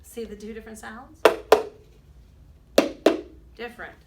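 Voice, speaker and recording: A woman's voice: a little high, moderate pace. A middle-aged woman music teacher, chatty, explaining a rhythm game to students step by step. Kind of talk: recorded music lesson for students. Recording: echoey room, mic at a distance.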